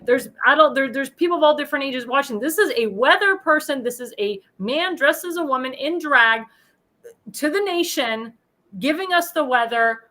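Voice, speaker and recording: Bright-voiced woman hosting a panel. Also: high-pitched, expressive, normal speed. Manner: giggly, hands off questions to guests. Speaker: host. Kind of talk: casual political panel talk.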